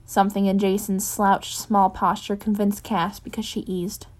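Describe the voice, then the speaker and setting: A woman reading fan fiction aloud in a plain, unpolished way, pausing to correct her own slips. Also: medium pitch, flat delivery, a little mellow. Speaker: reader.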